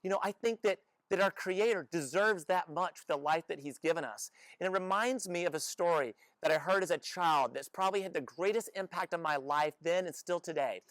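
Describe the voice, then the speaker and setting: A man's voice: sits high, brisk, few pauses, fairly bright tone, no echo. A man hosting a Christian motivational talk, speaking earnestly and exhorting with many rhetorical questions. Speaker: host.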